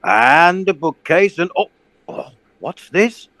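A man's voice: sits high, slow, no room sound. A man doing a pompous old colonel. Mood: blustering. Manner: blustering, posh, excitable.

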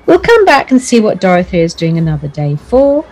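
A woman narrating a children's bedtime story in a gentle, expressive storytelling manner. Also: medium pitch, fairly quick, faint music behind.

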